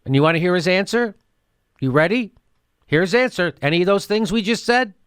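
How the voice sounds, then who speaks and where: A man's voice: sits high, expressive, brisk, fairly bright tone, smooth, dry recording, clean studio sound. A man hosting a political commentary show, ranting sarcastically and laughing as he mocks what he plays. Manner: sarcastic, mocking, laughs often.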